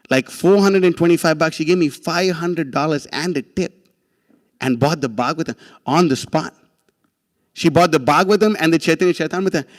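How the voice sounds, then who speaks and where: A man giving a religious class, telling a story in an animated, casual way with many restarts and laughs. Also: sits high, long reverb tail.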